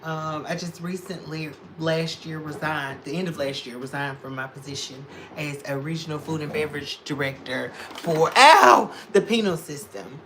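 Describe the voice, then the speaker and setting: A man's voice: fairly high pitch, normal speed, hardly any pauses, noisy background. A man from Chicago chatting on a livestream while doing drag makeup, sassy and talking back to the comments. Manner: sassy, animated, talks back to chat. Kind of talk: casual livestream chat reading comments.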